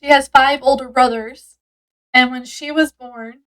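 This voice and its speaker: High-pitched lady doing a chill book review, rambly, lots of likes and ums. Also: fairly even intonation, measured pace, a bit bright, low-quality recording.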